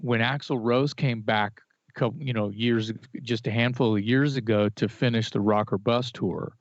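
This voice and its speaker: A man's voice: mid-range voice, normal speed, dry recording. Opinionated man on a dull, dry podcast mic. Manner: opinionated, animated, with restarts and fillers. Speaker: podcast co-host. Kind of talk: casual music chat.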